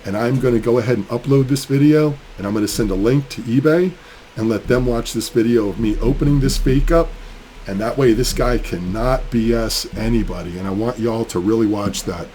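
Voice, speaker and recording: A man's voice: mid-range voice, a little fast, mellow, a little hiss or hum. A man, fired up and ranting in a casual vlog while building a mining rig, sick with a cold. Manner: angry, fired up, rambling. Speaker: crypto mining channel host.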